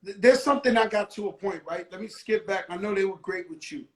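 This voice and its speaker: Animated high-voiced man telling a story. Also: fast talker, low-quality recording. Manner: animated storyteller, swears freely. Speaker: host of a livestream chat. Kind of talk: casual livestream conversation.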